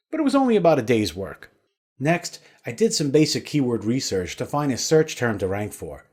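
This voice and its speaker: A man delivering a scripted sales pitch with a lively, bouncing delivery. His voice sits in a middle register and swings up and down often as he tells his story persuasively. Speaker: sales webinar presenter.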